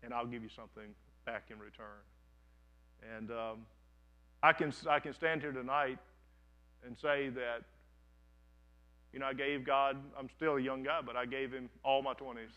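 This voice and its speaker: A man's voice: mid-range voice, fairly even intonation, normal speed, pauses often, bright, forceful tone, highs cut off. A man in his thirties, a pastor, giving a conversational sermon to a congregation and telling stories with frequent restarts. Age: 30s. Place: church sanctuary, before a congregation.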